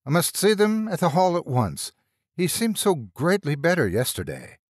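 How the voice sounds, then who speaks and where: A man as a brisk, impatient country rector. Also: a little high, huge pitch swings, no room sound, clean studio sound, voice pushed up. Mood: alarmed. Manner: brisk, formal and a little impatient.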